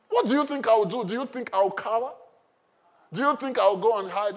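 A man's voice: very high voice, normal speed. A male pastor preaching a sermon in a conversational way, often asking the congregation questions.

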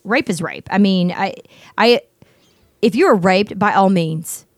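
A woman's voice: medium pitch, unhurried, no echo, studio quality. A blunt, outspoken middle-aged woman hosting a casual talk show, chatting with her co-host. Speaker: podcast host. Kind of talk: casual chat.

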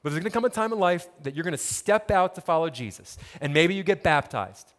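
A man preaching a sermon as pastor, emphatic and animated, repeating key phrases for effect. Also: on the high side, brisk, long reverb tail.

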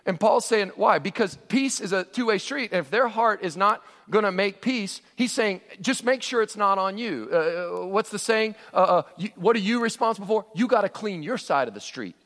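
A man with a fairly high voice delivers a sermon, earnest and emphatic, stumbling and restarting as he drives each point home. His words ring out through a large hall with a long reverb tail. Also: expressive, moderate pace, hardly any pauses, fairly bright tone. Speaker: pastor.

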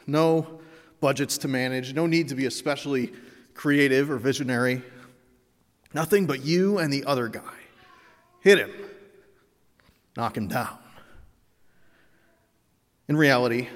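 A man's voice: medium pitch, in a large hall. A pastor, a man, preaching a sermon from the pulpit in a wry, self-deprecating way, a little out of breath. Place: church sanctuary.

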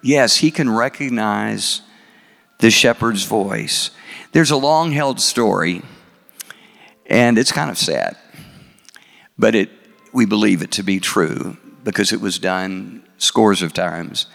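A man preaching a sermon, asking his congregation questions and reciting scripture slowly. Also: on the low side, creaky, a bit bright. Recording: long hall reverb.

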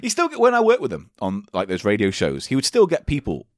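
A man co-hosting a casual podcast chat, telling stories in a sardonic, animated way. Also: mid-range voice, fast talker, no echo, studio quality. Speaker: podcast co-host.

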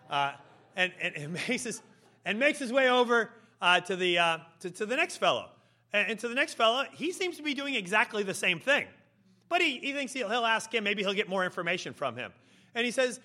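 A man delivers a sermon in an animated, storytelling way. His voice sits high and bright, and it swings widely in pitch as he brings the characters to life. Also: normal speed. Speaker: pastor.

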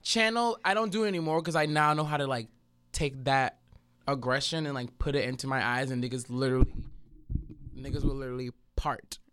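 A man co-hosting a casual chat show, telling stories in a blunt, animated way. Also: mid-range voice, fairly quick, smooth, dry recording. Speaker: podcast co-host.

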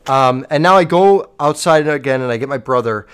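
A man's voice: medium pitch, lively intonation, a little fast, fairly bright tone, clear, resonant tone. A young man telling a rambling personal story to the camera, swearing often and acting out his own past panic.

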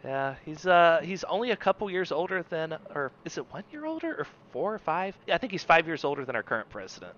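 A man in casual chat, opinionated and quick to jump into comic bits. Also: fairly high pitch, very animated, a bit bright. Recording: dull lo-fi sound.

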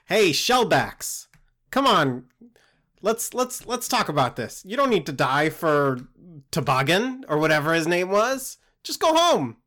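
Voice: mid-range voice, sing-song, measured pace, a bit bright, pitched above the performer's own voice. Friendly adventurer dude, a player voicing him, pleading and chatty, tabletop game. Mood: coaxing.

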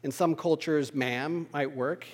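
A man teaching a Bible study lesson, explaining word meanings in a measured, thoughtful way. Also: a little high, darkish tone, big-room sound.

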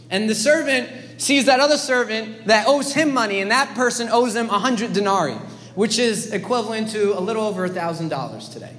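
A man's voice: very high voice, a bit bright. A man preaching a sermon, earnest and emphatic, with hesitant restarts. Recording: long hall reverb, faint background noise.

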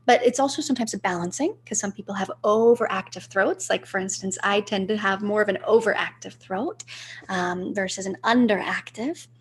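A woman speaking as a podcast guest in a flowing, searching way, with a slight vocal fry. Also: medium pitch, a little fast, a little hiss or hum. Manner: flowing, spiritual, searching for words. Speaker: guest, voice coach. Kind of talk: podcast interview.

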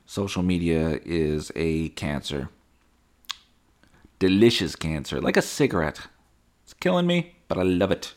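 A man's voice: sits low, lively intonation, a little slow, pauses often. A young man hosting a casual solo podcast, rambling, sarcastic and profane, slipping into mocking voices. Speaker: podcast host.

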